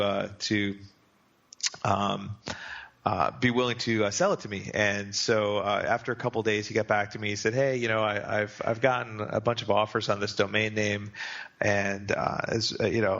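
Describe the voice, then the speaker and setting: A man's voice: lowish voice, fairly bright tone, highs cut off. A man from New Jersey, a podcast guest, telling a rambling, self-deprecating story with many restarts. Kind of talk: casual storytelling interview.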